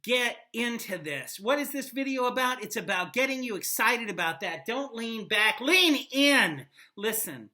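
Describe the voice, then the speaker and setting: A woman teacher giving a classroom lecture on a play, talking emphatically and animatedly with quiet asides. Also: on the high side, expressive, measured pace, hardly any pauses.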